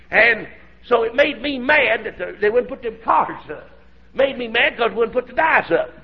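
Older preacher guy, drawl, high husky voice, folksy sermon story on a dull old tape. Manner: folksy, animated storytelling with sudden shouts.

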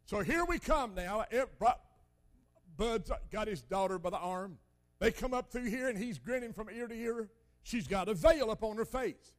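An older man preaching a sermon, telling folksy stories with loud emphatic bursts. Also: sits high, animated, normal speed.

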